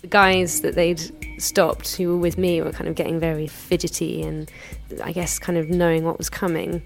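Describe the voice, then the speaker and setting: A woman's voice: low voice, little pitch movement, moderate pace, gravelly, soft background music. A woman in her thirties telling a personal anecdote in a candid, chatty way. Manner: candid, chatty retelling with frequent hedges. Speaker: storyteller.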